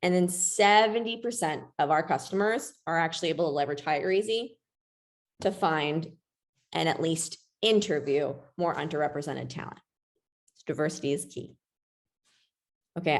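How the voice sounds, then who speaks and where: A woman leads an online webinar in an easy, conversational manner, peppering her talk with "like." Her voice sits low and carries a gravelly fry. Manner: chatty, frequent "like", upbeat. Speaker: webinar presenter. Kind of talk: casual webinar presentation.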